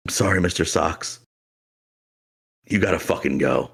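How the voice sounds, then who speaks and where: A man's voice: low voice, measured pace, gravelly, a bit bright, slightly rough, heavily acted. Man voicing a grave, apologetic sorcerer. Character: solemn male sorcerer making a sacrifice.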